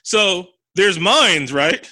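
Speaking extremely slowly in a high voice on a dry recording, a man retells a film scene in casual conversation. He's an animated storyteller who acts out the characters' lines, swears, and laughs frequently.

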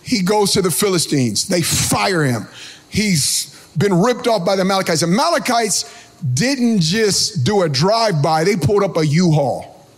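High-voiced pastor preaching with sing-song shouts. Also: male voice, unhurried. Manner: animated preaching with sing-song shouts and crowd call-outs. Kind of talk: energetic sermon.

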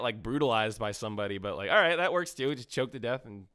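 A man's voice: medium pitch, clean tone, dry recording, clean studio sound. A man co-hosting a podcast, chatting casually about movies, swearing freely. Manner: swearing, animated, quick bursts of laughter. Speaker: podcast co-host. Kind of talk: casual chat.

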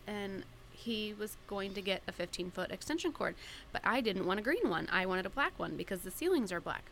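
A woman chatting on a podcast, telling a story with animated, dialogue-filled storytelling. Her voice sits at an ordinary middle pitch. A faint hiss of noise is heard behind her. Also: fairly quick. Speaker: podcast co-host. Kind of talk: casual chat.

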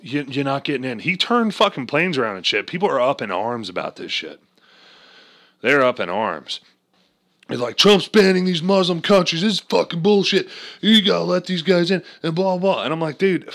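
Man, casual crude political rant, swears a lot, mid-pitched, jumps into impressions. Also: pushed and bright. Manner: crude, joking, swears often, does voices.

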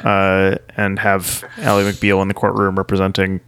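A man's voice: sits low, monotone, normal speed, a bit bright, clear, resonant tone. A man co-hosting a podcast in casual chat, dropping dry, jokey asides. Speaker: podcast co-host.

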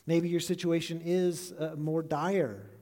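Pastor guy preaching, earnest + thoughtful, slightly high voice, trails off soft, big echoey church hall. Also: takes it slowly. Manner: earnest, reflective, voice dropping soft at phrase ends. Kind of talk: sermon. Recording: long echo of a large hall.

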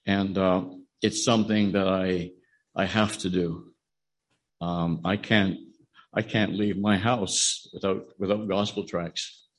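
A man's voice: deep voice, steady tone, slow pace. An older man, an evangelist, telling his conversion story in a plain, storytelling way with frequent restarts. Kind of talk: personal testimony in a sermon.

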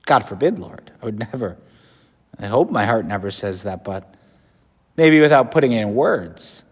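A man's voice: on the low side, animated, normal speed, breathy edge. An American man, a Catholic priest, giving a conversational homily with fillers and restarts. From United States. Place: church. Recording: long reverb from a church.

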